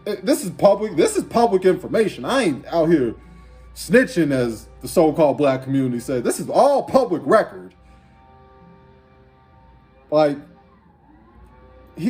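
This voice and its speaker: Male commentator, lively pitch swings, preachy and profane, keeps throwing rhetorical questions. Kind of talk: ranting commentary over an instrumental beat.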